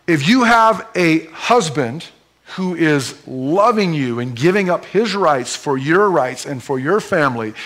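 A man preaches at a church service in a high, bright voice. He is playful and animated, joking with a volunteer as he demonstrates his points. His tone is clear and forceful. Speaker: pastor. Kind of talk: sermon.

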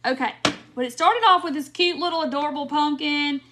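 On a phone or webcam live stream, a woman with a high-pitched, brisk voice hosts a casual craft session. She keeps giggling as she chats to viewers, and there's background noise.

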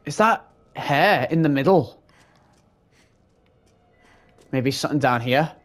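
Male let's-play host, mid-pitched, scared and swearing as he plays a horror game. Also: expressive, moderate pace. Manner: jumpy, frightened, swearing. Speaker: gaming channel host.

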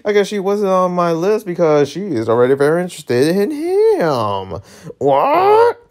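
A man's voice: sits high, huge pitch swings, normal speed, a little mellow. A man casually reading a webtoon aloud, stumbling over lines and laughing at his own slips. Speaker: webtoon reader.

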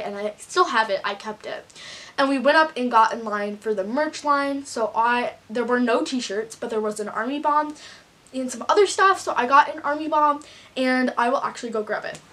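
A woman's voice: a little high, brisk, a bit bright. A teenage girl from the United States telling a casual storytime vlog, gushing and saying "like" constantly. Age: teens. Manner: gushing, filler-heavy, with many "like"s. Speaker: vlogger.

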